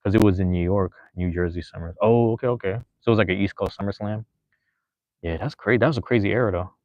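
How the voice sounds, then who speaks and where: A man's voice: fairly low pitch, fast talker, a little mellow, dry recording, dull audio. A man, hosting a podcast in a loose, rambling chat full of slang and fillers. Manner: laid-back, slangy, rambling with frequent fillers. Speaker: podcast host. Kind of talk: casual chat reading live chat.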